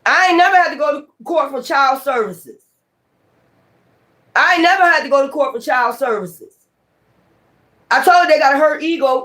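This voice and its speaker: A woman's voice: sits high, moderate pace, long pauses, a bit bright. A woman giving a tarot reading in a blunt, profane, emphatic way. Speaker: tarot reader.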